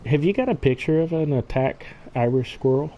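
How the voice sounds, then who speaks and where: A man's voice: on the high side, animated, fairly quick, warm tone, dull audio. A man hosting a casual gaming livestream, laughing often and reading chat aloud. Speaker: livestream host.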